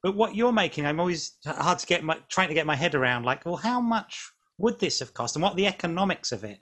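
A man's voice: fairly high pitch, lively intonation, fast, a bit bright. A man interviewing a director, thinking aloud and restarting his questions as he goes.

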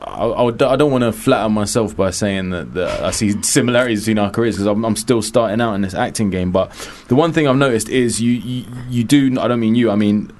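A man's voice: on the low side, brisk, hardly any pauses, slight background noise. A man co-hosting a casual chat, often restarting his sentences and mimicking voices as he tells stories. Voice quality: stammering restarts, animated. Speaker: co-host.

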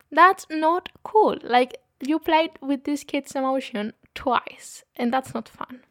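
A young woman hosting a podcast, telling stories in a casual, chatty and animated way, often breaking into laughter. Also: fairly high pitch, no room sound, studio quality. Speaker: podcast host. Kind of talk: casual storytelling monologue.

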